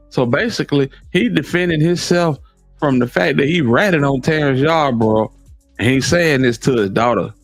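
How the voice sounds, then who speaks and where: A man's voice: medium pitch, normal speed, no room sound, soft background music. A man in casual commentary, reacting to clips with slangy, incredulous asides.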